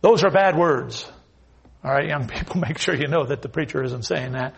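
A man preaching a sermon, quoting scripture and swinging from quiet earnest asides to loud, raised emphasis, often repeating his phrases. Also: on the high side, normal speed, vocal fry, slight background noise.

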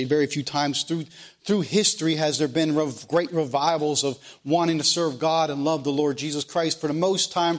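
A man preaching a sermon as pastor of a church, in plain country speech, asking the room question after question. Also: a little high.

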